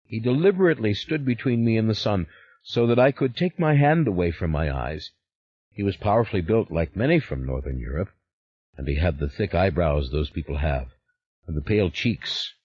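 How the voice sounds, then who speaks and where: A man's voice: deep voice, expressive, brisk, breathy edge, muffled recording. A man narrating a thriller audiobook in the first person, with a grave, brooding reading.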